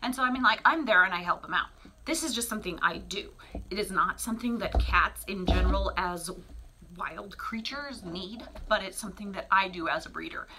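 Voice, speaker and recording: A woman's voice: mid-range voice, brisk, noisy background. A middle-aged woman who breeds cats, talking casually in her small bathroom, chatty and rambling with lots of fillers. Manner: drops to a soft whisper near the kittens. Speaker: cat breeder. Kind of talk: casual vlog talk.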